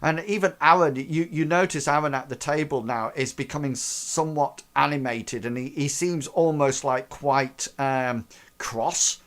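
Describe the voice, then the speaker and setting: A man's voice: mid-range voice, measured pace. A man narrating a tabletop game as game master, rambling with many fillers and restarts.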